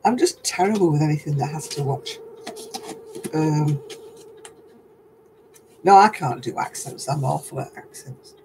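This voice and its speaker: Chatty older man, slightly high voice. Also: expressive, unhurried, long pauses, a little mellow, slight background noise, rough recording. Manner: rambling, chatty, laughs often. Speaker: host. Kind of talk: casual livestream chat.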